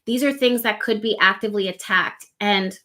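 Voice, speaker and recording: A woman with a bright, forward voice hosts a live astrology stream. She talks in a loose, conversational way, pausing to read viewer comments and asking one rhetorical question after another. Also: mid-range voice.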